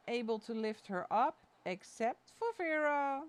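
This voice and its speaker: A woman's voice: animated, measured pace, smooth. A woman chatting casually on a stream from home while she colors, laughing often. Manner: talks in a high coaxing baby voice to her dog.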